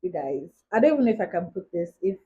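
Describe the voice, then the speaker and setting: A woman's voice: on the low side, very animated, quick pace, slight background noise. A young woman telling a personal story to camera in a chatty way, full of "like" asides. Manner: chatty, retells events with many "like" asides. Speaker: vlogger. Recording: dull lo-fi recording.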